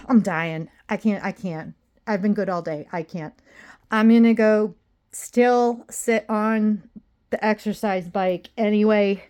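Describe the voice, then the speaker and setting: A woman's voice: medium pitch, slow, darkish tone. A woman vlogging at home in a rambling, self-deprecating, exasperated way. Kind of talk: casual personal vlog.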